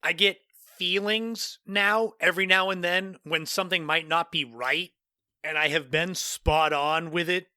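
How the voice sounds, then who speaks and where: A man's voice: a little high, fairly even intonation, unhurried, bright, forceful tone, clear, resonant tone, no room sound, studio quality. A man in his forties from Cape Cod, Massachusetts, hosting a podcast and telling a personal story in a conversational way, with offhand asides. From Cape Cod, Massachusetts, USA. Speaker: podcast host.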